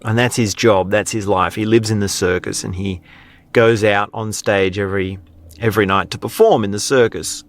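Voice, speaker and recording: A man's voice: lowish voice, fairly even intonation, normal speed. A man with an Australian accent hosting a podcast in a casual, conversational monologue, often tagging sentences with questions. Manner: conversational, frequent "right?" tag questions. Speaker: podcast host.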